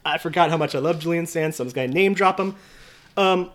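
A man's voice: a little high, fast, a bit bright. A man co-hosting a casual film review chat, blunt and profane, ranting about a movie he dislikes. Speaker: podcast co-host.

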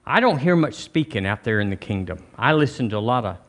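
A man's voice: medium pitch, sing-song, fast. A male pastor, preaching a sermon in a folksy, conversational way, repeating phrases and asking the congregation to answer back. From Alabama, US. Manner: folksy, repetitive, conversational preaching with call-and-response. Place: church.

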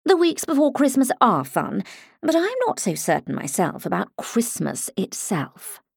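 A woman reading the part of a brisk, severe grown woman in an audiobook, her tone crisp and a little absent-minded. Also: mid-range voice, huge pitch swings, no room sound, clean studio sound, exaggerated voice. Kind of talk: audiobook character voice.

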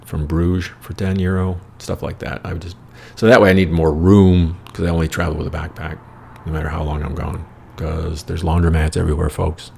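American male storyteller, very low and heavily gravelly voice, rambling and profane, wry casual delivery. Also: level tone, fairly quick, hardly any pauses, a little mellow, a little hiss or hum. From United States. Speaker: storyteller host.

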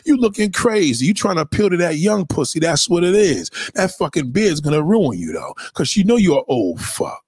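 A man hosting a livestream, reading chat and ranting in a blunt, mocking, animated way. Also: fairly high pitch, normal speed, hardly any pauses, breathy edge, no room sound, studio quality. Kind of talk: casual profane rant.

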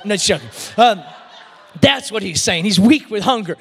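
A man preaching a sermon as pastor, swinging from shouts down to near-whispers. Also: sits high, expressive, normal speed, husky. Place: church service. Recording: long reverb of a large hall.

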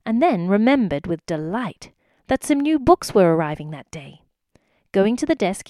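Brief: woman storyteller, mid pitch, animated reading for kids, dry close sound. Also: no room sound. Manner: expressive, addressing the listener.

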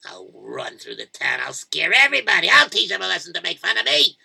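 A man playing a lonely old man in a told story, cranky and bitter, his voice dropping to a gravelly low mutter before bursting into shouts. The tone is bright and hard-edged, with gruff, bellowing delivery. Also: sing-song, fairly quick, heavily acted. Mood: furious.

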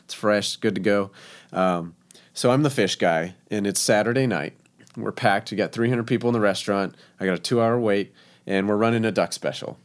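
A man with a somewhat low voice recounts his days as a restaurant cook in a relaxed conversation. He is animated and laughs often as he tells it. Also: normal speed. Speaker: guest telling a kitchen story. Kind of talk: casual storytelling chat.

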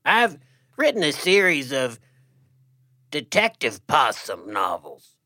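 A man in a comedy podcast playing a pompous author, boasting about his writing in a deadpan, self-satisfied way. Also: medium pitch, slow pace, no room sound, studio quality. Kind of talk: comedic improv reading.

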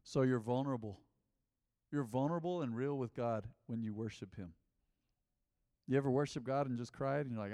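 Male pastor, lively interactive sermon, teasing the crowd; close dry mic in a reverberant church. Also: mid-range voice, brisk, pauses often. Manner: lively, jokes with the congregation, repeats answers.

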